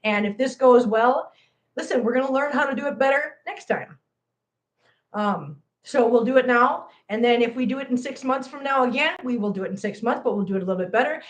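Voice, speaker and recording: A woman's voice: on the high side, expressive, brisk. A chatty American woman hosting a casual cat channel livestream, joking about herself and laughing often. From United States. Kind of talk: casual live chat to viewers.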